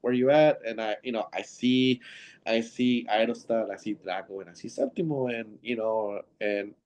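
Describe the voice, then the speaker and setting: A man's voice: on the low side, normal speed, a little mellow. Man from Seattle telling a rambling story. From Seattle, USA. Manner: rambling anecdotes, acts out quoted dialogue, many fillers. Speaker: professional wrestler guest. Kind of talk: casual storytelling in an interview.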